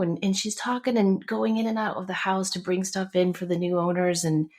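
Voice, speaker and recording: A woman's voice: on the low side, fairly even intonation, fairly quick, few pauses. A middle-aged woman co-hosting a casual chat, telling a personal story with emotion and acting out what others said. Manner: warm storytelling, emotional, acts out quotes. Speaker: podcast co-host.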